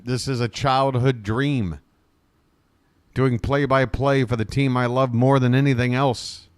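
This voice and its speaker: A man hosting a live fan play-by-play stream, calling pitches and thanking viewers, jokey and emotional. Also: clean tone, no echo. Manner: chatty, thanks viewers warmly between pitches.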